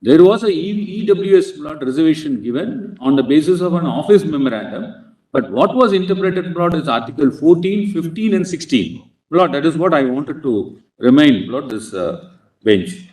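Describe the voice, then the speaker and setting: A man with an Indian accent, arguing as an advocate before a court in a formal, halting manner, constantly addressing the bench. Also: on the high side, animated, mellow. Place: large courtroom. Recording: roomy courtroom audio from a distance.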